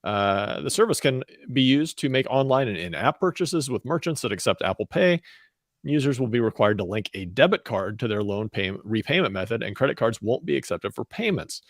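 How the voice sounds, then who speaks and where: A man's voice: mid-range voice, big pitch swings, fairly quick, dry recording. A man co-hosting a radio talk show, chatting casually and reading the news in a dry, matter-of-fact way. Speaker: co-host and news reader.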